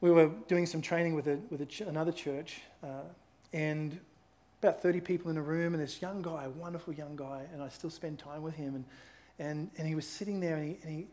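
Earnest man preaching, slightly high voice. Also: fairly even intonation, fairly quick, darkish tone. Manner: earnest, conversational storytelling with emphatic rises. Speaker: pastor. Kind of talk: sermon with personal stories.

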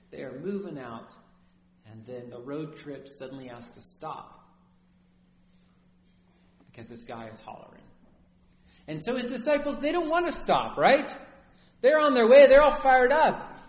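A man preaching a sermon as a priest, lively and conversational, often asking his listeners "right?". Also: on the high side, roomy sound.

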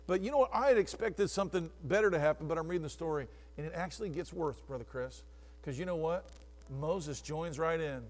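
Male preacher, high-pitched, dramatic, moves from near-whisper to shouting, long room reverb. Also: a little fast. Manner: addresses congregants by name, swings from hushed to shouting. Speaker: pastor. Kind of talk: sermon.

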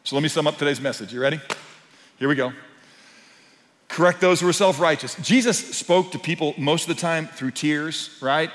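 A pastor preaches to his congregation with a voice pitched somewhat high for a man. He moves from hushed, intimate lines to loud, driving emphasis. His voice rings out with a long reverb tail, as in a large church hall. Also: fairly quick. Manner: dynamic preaching, swinging from soft to loud. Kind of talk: sermon.

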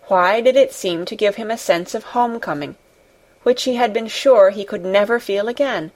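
A woman's voice: medium pitch, moderate pace, a little mellow. Woman narrating a classic novel. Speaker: audiobook reader. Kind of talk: scripted narration.

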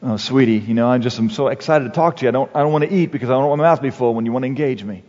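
A man's voice: medium pitch, very fast, darkish tone, pitched below the performer's own voice, natural voice. A man doing a syrupy, clingy mother. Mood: doting. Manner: syrupy, guilt-tripping, calls him sweetie. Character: clingy, manipulative mother doting on her grown son. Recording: dull recording with long hall reverb.

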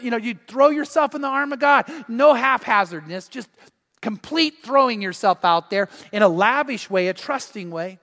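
Guy preaching a sermon, kinda high voice, tells stories and does the voices, long church echo. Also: a little fast. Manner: storytelling with animated quoted voices. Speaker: pastor.

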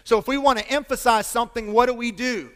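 A man preaching a sermon to his congregation, animated and emphatic, calling out to the room and asking for amens. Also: very high voice, quick pace. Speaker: pastor. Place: church sanctuary with congregation. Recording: long hall reverb.

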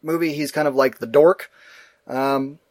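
A man chatting casually about a film he watched, rambling, animated and quick to act out his own confused reactions. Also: mid-range voice, dry recording, clean studio sound. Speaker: movie reviewer. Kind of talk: casual movie review chat.

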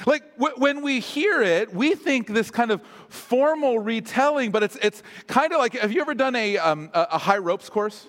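A man's voice: very high-pitched, expressive, normal speed, few pauses, fairly bright tone. A man preaching a sermon as pastor, casual and self-deprecating, with humorous asides. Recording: long hall reverb.

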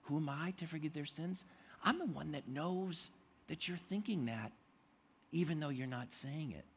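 A preacher voicing a calm, knowing rabbi. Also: male voice, on the high side, slightly rough. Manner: slow, quiet and measured.

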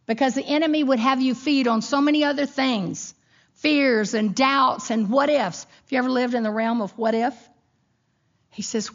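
A woman's voice: on the high side, moderate pace. A middle-aged woman giving a sermon with a personal story, telling it expressively and acting out the voices in her quotes. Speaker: women's Bible teacher. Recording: dull lo-fi recording.

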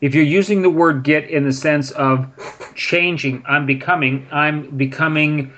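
A man's voice: a little high, unhurried, a bit bright, dull audio, slight background noise. A man patiently explaining English grammar with example sentences in a casual spoken lesson. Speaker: English teacher. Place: in Prague.

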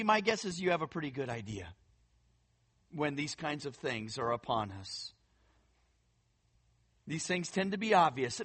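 Pastor delivering a sermon. Earnest and emphatic, unhurried, with a voice that rises and falls widely. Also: mid-range voice. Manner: emphatic, builds to loud stressed phrases; earnest, repeats words for emphasis.

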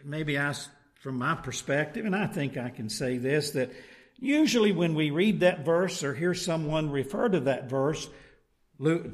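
A man delivers a sermon in a church, first reading scripture aloud and then preaching on it. He leans on rhetorical tag questions to draw in his listeners. His voice sits a little higher than most men's.

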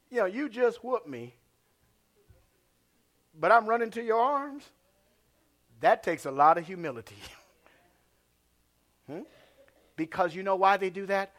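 A man preaching a sermon as pastor. He swings from hushed asides to shouted lines and calls out to the congregation. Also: high voice.

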